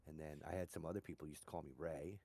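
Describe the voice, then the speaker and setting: A middle-aged man with a very deep voice chats casually between games. He rambles through stories, dropping "you know" every few words. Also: steady tone, fast, creaky, dark tone. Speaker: gamer chatting on a stream. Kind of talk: casual chat.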